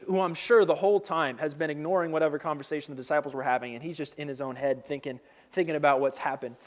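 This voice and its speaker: A male pastor giving a sermon, telling stories in a casual, humorous way with slang. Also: high-pitched.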